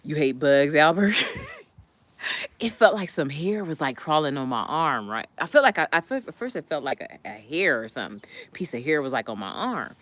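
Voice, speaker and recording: Woman streamer, animated storyteller, low voice that swings wide, laughs a lot. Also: moderate pace, dry recording. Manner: animated, laughs often, jumps high when retelling. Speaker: live streamer chatting with viewers. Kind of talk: casual storytelling to live chat.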